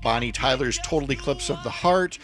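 A man's voice: mid-range voice, a little fast, music in the background. A male morning radio host chatting casually and rambling a little. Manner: chatty, rambling, self-deprecating. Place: radio studio. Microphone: studio microphone.

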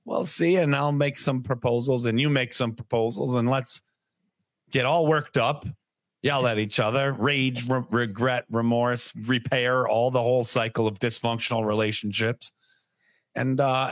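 A man's voice: medium pitch, steady tone, unhurried, dry recording, clean studio sound. A man co-hosting a podcast in casual chat, rambling and sarcastic. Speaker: podcast co-host.

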